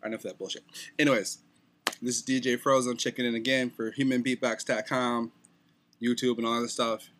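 A man's voice: medium pitch, flat delivery, fairly quick, fairly bright tone. A young man making a casual beatbox tutorial, talking loosely and stumbling over words. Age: young adult.

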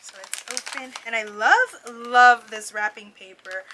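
A woman casually unboxing gifts in a vlog, gushing and excitable, with frequent gasps of delight. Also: a little high, unhurried, slight background noise. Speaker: vlogger opening a gift box. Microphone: ring light setup, camera on a desk.

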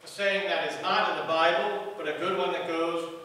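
A man preaches in an earnest, repeating cadence, his voice pitched high above most men. He sounds bright and strained, heard from a distance. Long echoing reverb fills the church sanctuary around him. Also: fairly even intonation, moderate pace. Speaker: pastor. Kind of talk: sermon. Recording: echoey church hall from far off.

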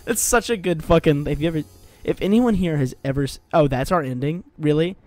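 A man's voice: on the high side, fairly quick. A young man hosting a music reaction video, chatting casually and rambling with lots of swearing and jokes. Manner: rambling, profane, jokey, animated.

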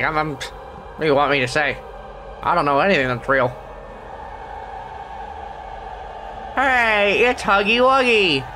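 A man's voice: on the high side, background noise, lightly acted. A man voicing a grumpy, weary middle-aged male squid, grumbling sarcastic commentary while playing a game. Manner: sarcastic, grumbling, deadpan asides. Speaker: let's play gamer. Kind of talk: character let's play commentary.

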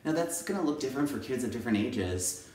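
A man who teaches kindergarten, talking to camera in an energetic, playful and emphatic way. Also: medium pitch, fast talker. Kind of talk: enthusiastic video talk to camera. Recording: echoey room, mic at a distance.

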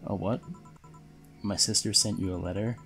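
A blunt woman who runs the bar speaks fondly of old times in a game's story, read by a man in his own voice. The voice is low and gravelly with fry. Faint music plays underneath. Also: fairly even intonation, normal speed, fairly bright tone. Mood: amused.

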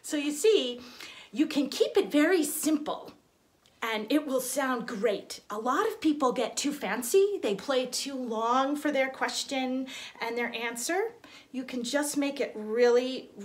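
A woman violin teacher explaining in a studio, gentle and encouraging, with small restarts as she talks. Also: high voice, animated, measured pace. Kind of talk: friendly instructional explanation. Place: recording studio.

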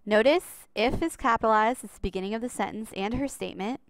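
A woman's voice: on the high side, fast talker, no echo. A woman teaching a recorded writing lesson over slides, in a chatty, upbeat way and talking straight to her students.

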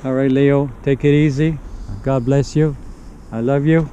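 Middle-aged guy preaching outside in a park, dark mellow voice, faint traffic hum behind, keeps pleading. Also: medium pitch, fairly even intonation, measured pace, dull audio. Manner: earnest, pleading, keeps urging. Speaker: street preacher. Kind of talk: one-on-one street evangelism. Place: outdoors in a city park in winter.

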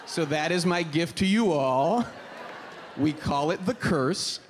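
A man from Pittsburgh delivers a stand-up set with wry, self-mocking storytelling. His voice sits a bit higher than most men's, heard through a stage mic with a faint hiss behind it. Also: expressive, takes it slowly, a faint crowd. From Pittsburgh, Pennsylvania. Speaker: stand-up comedian. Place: comedy club stage.

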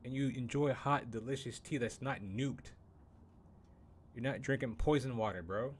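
A young man rants on his game stream, swearing often and sounding openly incredulous. His voice sits at a middling pitch, with a faint background hiss. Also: moderate pace. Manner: incredulous, profane, heavy on "bro". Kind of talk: casual live-stream ranting.

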